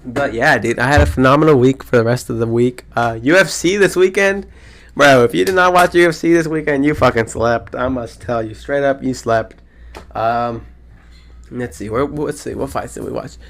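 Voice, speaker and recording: A man around twenty hosting his own podcast, chatting casually in an excitable, rambling way full of slang and swearing. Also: mid-range voice, normal speed. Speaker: podcast host. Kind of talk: casual solo podcast chat.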